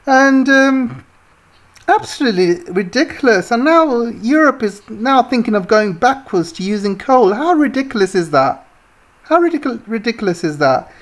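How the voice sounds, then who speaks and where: A woman's voice: a little high, animated, moderate pace. Indignant woman ranting about politics. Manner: indignant, scornful, many fillers. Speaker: political commentary vlogger. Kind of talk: ranting commentary.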